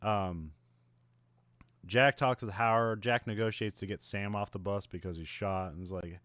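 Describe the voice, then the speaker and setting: Chuckling low-voiced man recapping a movie. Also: steady tone, normal speed, a bit bright, no room sound. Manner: rambling, laughs often, many fillers. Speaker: podcast co-host. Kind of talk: casual movie recap chat.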